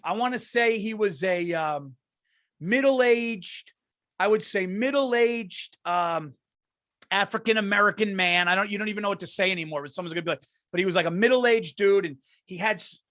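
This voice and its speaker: A man's voice: sits high, fairly bright tone, dry recording, clean studio sound. A man, a comedian co-hosting a podcast, telling rambling profane stories in casual chat, saying dude constantly. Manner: rambling, profane, says dude a lot, restarts.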